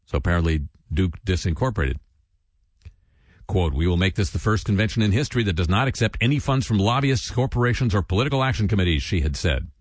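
A man's voice: sits low, no room sound. A man hosting a satirical news commentary, reading items and adding sardonic asides and mock voices. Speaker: radio commentary host.

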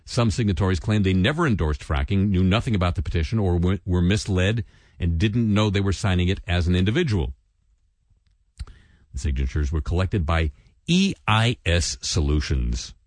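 In a dry recording, a man with a low, darkish voice hosts a satirical news commentary on the radio. He reads news items and adds sardonic asides and mock voices.

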